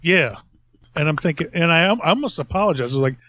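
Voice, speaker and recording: A man's voice: fairly high pitch, quick pace, fairly bright tone, dull audio. Rambling, chuckling man telling a story. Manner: rambling, self-mocking, laughs often. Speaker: podcast host telling a story. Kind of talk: casual storytelling.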